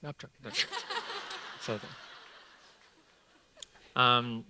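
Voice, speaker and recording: A man's voice: mid-range voice, steady tone, slow, very noisy. An Australian man hosting a live stage show, talking casually with lots of fillers as he relays messages to an audience member. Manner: chatty, filler-heavy, swears casually. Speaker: psychic medium host.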